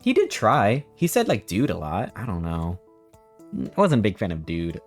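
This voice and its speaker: A man's voice: lowish voice, wildly swooping pitch, moderate pace. Casual male streamer, sarcastic storyteller, faint music behind.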